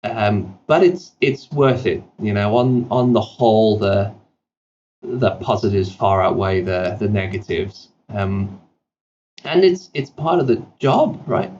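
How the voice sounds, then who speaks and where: A man's voice: lowish voice, a little mellow, dull audio, a little hiss or hum. A man from South Africa with an accent that blends British and South African, telling self-deprecating stories as a guest in a podcast interview. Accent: mixed British and South African. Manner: self-deprecating anecdotes, quick with fillers and restarts. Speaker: CEO guest.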